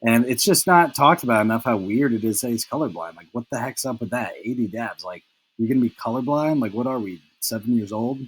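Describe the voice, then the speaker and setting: A young man hosts a casual fantasy football recap, ribbing his friends as he rambles along, packing his speech with "like" and "um." His mid-range voice is husky and a little fast, and the recording sounds rough.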